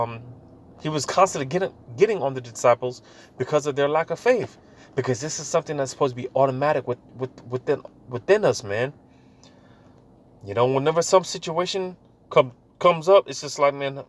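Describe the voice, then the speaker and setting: A man giving casual Bible teaching in a slangy, loose style, reading verses slowly, then talking them over and filling gaps with "man" and "you know". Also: medium pitch. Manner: reads scripture aloud slowly, then riffs on it.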